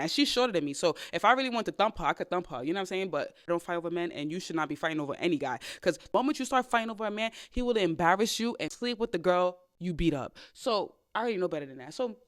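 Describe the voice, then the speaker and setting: Young woman, podcast host, fast talker, lively swooping pitch, casual storytelling. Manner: animated, swings between loud exclamations and low asides.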